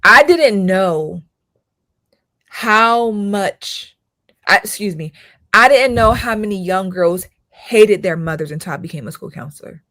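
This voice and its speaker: A woman's voice: medium pitch, lively intonation, measured pace, bright, forceful tone, no echo, studio quality. A woman in her thirties, a school counselor hosting her own channel, talking in a casual commentary style with emphatic rhetorical questions and frequent repetition.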